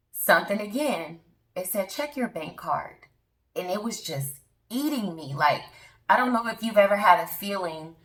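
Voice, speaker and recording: A woman in her thirties recounts a personal testimony to her viewers in an earnest, emphatic way. Her voice is fairly low and gravelly, with a bright edge. She sits a little back from the microphone. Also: echoey room, distant mic, rough recording. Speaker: vlogger.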